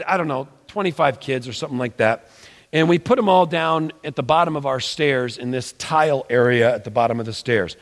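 A man's voice: fairly high pitch, big-room sound. A man teaching a room about family worship, telling stories with animation and acting out children's voices. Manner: animated storyteller, acts out children's voices, jokes with the audience. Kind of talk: lively conference teaching talk.

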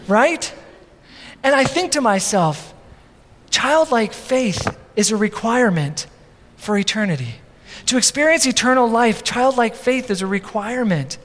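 A man in his thirties preaching a sermon as pastor, animated, with many repeats and asides. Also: very high-pitched. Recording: long hall reverb.

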